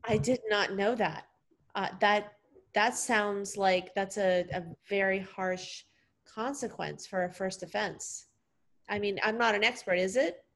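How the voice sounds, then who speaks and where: A woman's voice: medium pitch, measured pace. A woman co-hosting a podcast, asking curious questions with hesitant restarts. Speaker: co-host. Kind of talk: conversational podcast talk.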